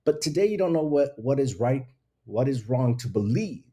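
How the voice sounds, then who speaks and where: A man's voice: medium pitch, animated, moderate pace, mellow, husky. A man hosting his own talk show, ranting bluntly in casual opinion talk and laughing at himself. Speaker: show host.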